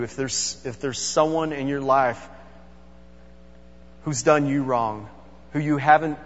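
A man's voice: mid-range voice, slight background noise. A man preaching a sermon as a pastor, earnest and emphatic, addressing his congregation directly. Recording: echoey hall, dull sound.

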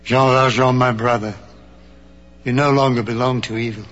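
An actor playing a gentle, forgiving older bishop who speaks calmly and firmly, from a film soundtrack. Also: male voice, medium pitch, moderate pace, faint music behind, close to an everyday voice. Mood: solemn. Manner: calm, kindly, firm. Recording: dull film soundtrack, faint noise.

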